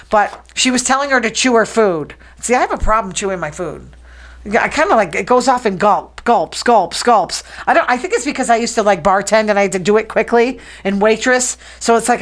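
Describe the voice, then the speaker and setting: A woman hosting a casual gossip show, talking fast, chatty and opinionated. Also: on the high side. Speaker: host.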